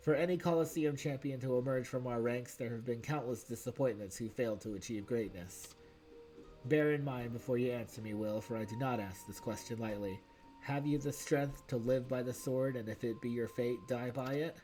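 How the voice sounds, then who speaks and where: A man's voice: medium pitch, normal speed, dark tone, soft background music, lightly acted, poor audio. A man reading a stern female guildmaster. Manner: stern, formal speech. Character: stern female guildmaster, strict sword teacher.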